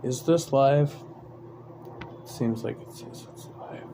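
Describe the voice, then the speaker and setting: A man's voice: medium pitch, slow, warm tone, a little hiss or hum. A man hosting a livestream, ranting in an irritated, profane, sarcastic way. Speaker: livestream host. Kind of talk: casual livestream rant.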